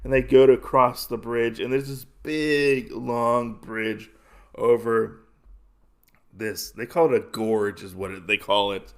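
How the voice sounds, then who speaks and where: A man's voice: medium pitch, fairly even intonation, slow pace, clean tone. A young adult man hosting a podcast, casually recapping a comic with lots of fillers. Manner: rambling, many fillers. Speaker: podcast host.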